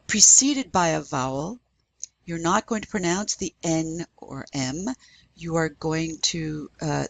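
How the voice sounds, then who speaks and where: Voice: mid-range voice, creaky. A French professor giving a classroom lecture, patiently demonstrating each sound and having the class repeat.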